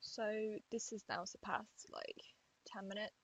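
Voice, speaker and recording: A woman's voice: mid-range voice, steady tone, measured pace, poor audio. A young woman answering fan questions in a casual vlog, rambling and self-deprecating, recorded at home. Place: home room at her desk.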